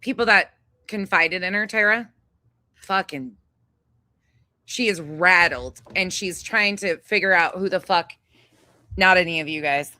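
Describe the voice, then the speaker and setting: A woman's voice: on the low side, measured pace, pauses often, pushed and bright, dry recording. Furious swearing woman ranting. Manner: heavy swearing, exasperated ranting. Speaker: streamer reacting to clips. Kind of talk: angry live-stream rant.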